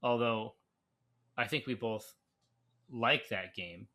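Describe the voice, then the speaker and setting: Guy cohosting a brew stream, bright tense voice, lots of uh and restarts. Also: medium pitch. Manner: halting, many fillers and restarts, chuckles. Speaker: co-host of a live brewing stream. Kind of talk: casual chat while reading viewer comments.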